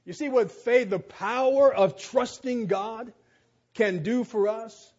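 A man preaching a sermon, reading scripture and repeating phrases with slow, emphatic stress. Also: very high voice, darkish tone, husky, highs cut off.

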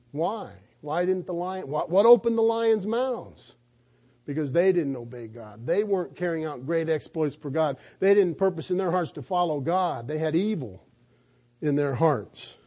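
Male preacher, high pitch, mellow tone, emphatic sermon storytelling. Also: dull audio. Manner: emphatic storytelling with rhetorical questions.

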